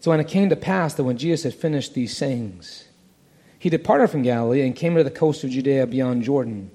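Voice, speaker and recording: A man preaching an expository sermon in a lively, storytelling manner, acting out the voices of the figures in the parable. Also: medium pitch, brisk. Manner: animated, acts out the parable's voices. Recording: long hall reverb.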